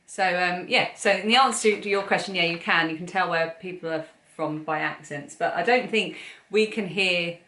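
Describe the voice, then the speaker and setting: A woman's voice: lowish voice, moderate pace, hardly any pauses, pushed and bright, echoey room. A woman from South London with a South London accent, hosting a casual question-and-answer chat and laughing often. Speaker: channel host.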